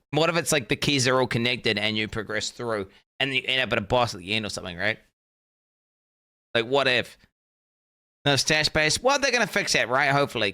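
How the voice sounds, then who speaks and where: A man's voice: mid-range voice, pushed and bright, smooth. A young man streaming live, reacting to a game announcement, thinking aloud, repeating himself and swearing casually.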